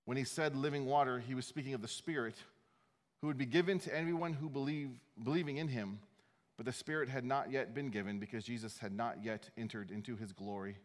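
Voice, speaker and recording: A man's voice: mid-range voice, a little fast, big-room sound. A man preaching a sermon as pastor, talking conversationally, restarting his phrases and reading scripture aloud.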